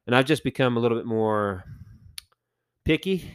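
A man co-hosting a podcast, telling animated, rambling stories in casual chat with lots of fillers. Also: medium pitch, normal speed, smooth, no echo, clean studio sound. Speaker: podcast co-host.

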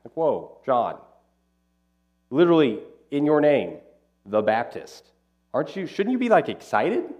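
Animated male preacher, lively voice. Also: medium pitch, a little slow, long pauses, highs cut off. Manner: conversational, animated Bible teaching. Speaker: pastor. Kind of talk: sermon.

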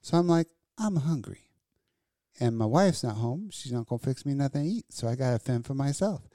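A woman co-hosting a podcast, telling a story in a casual, animated and profane way. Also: rumbling low, fast talker, no echo, clean studio sound. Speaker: podcast co-host. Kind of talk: casual chat.

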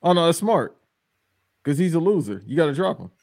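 A man's voice: a little high, very animated, brisk, vocal fry, darkish tone, no room sound. A man on a casual wrestling podcast, giving blunt, opinionated takes in slangy speech. His voice is recorded close and dry, with no room sound. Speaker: podcast guest.

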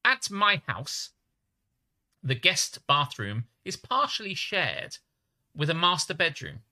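A man's voice: fairly high pitch, slow. A man co-hosting a comedy podcast, laughing easily and reading posts aloud in a casual, playful way. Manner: giggly, lively, breaks into silly voices. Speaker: podcast co-host.

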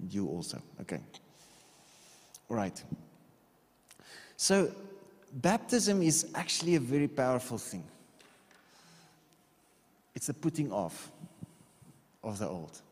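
A man's voice: mid-range voice, darkish tone. Man preaching in a reverberant hall. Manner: conversational, repeats okay, drawing on a board. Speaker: pastor. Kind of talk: sermon. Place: church hall.

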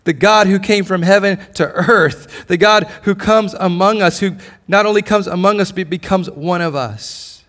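A man's voice: high voice, normal speed, hardly any pauses. Emphatic male preacher. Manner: emphatic, swinging between loud declarations and soft intimate lines. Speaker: pastor. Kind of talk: sermon.

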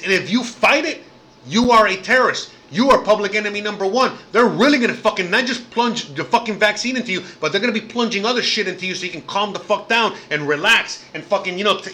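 A man's voice: high-pitched, pushed and bright. A man ranting profanely in a reaction video, repeating "you know what I mean" over and over. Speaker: commentator reacting to clips.

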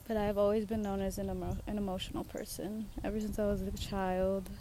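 A young woman hosts her own podcast while sitting on a swing outside among the trees, speaking at medium pitch and moderate pace in a level tone. Her casual monologue is reflective and heartfelt, dotted with soft laughs, with a faint hiss or hum in the recording.

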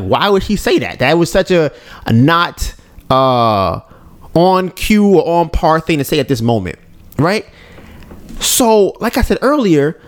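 A man co-hosting a podcast, telling a personal story in a casual, conversational way and often checking in with his listeners. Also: on the high side. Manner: animated, acts out his own and others' lines. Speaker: podcast co-host.

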